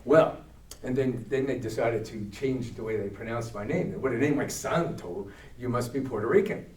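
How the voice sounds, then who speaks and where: An older man with a New York accent tells stories to a group and acts out the other people's voices. His voice is mellow and dark. It sounds echoey and a little far from the mic, as if recorded in a church hall. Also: medium pitch, moderate pace. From Brooklyn, New York. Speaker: guest speaker. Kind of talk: storytelling talk.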